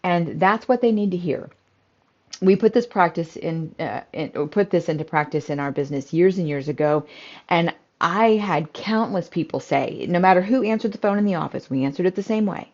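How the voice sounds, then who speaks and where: A middle-aged woman who runs a home care business, teaching in a calm, conversational way with frequent fillers. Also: fairly low pitch, normal speed. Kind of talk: instructional talk to camera. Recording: slightly dull, lo-fi audio.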